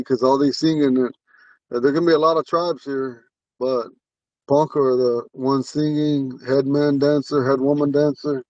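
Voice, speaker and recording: A man's voice: mid-range voice, warm tone, dry recording, far from the mic, highs cut off. A man with a lisp, a Ponca language teacher, talking in a rambling, earnest way while he drives. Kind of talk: casual talk while driving. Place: inside a car on the road.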